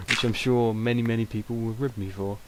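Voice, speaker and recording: A man's voice: medium pitch, steady tone, moderate pace. A young British man giving rambling, self-mocking casual gameplay commentary, with many ums. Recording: noisy home recording.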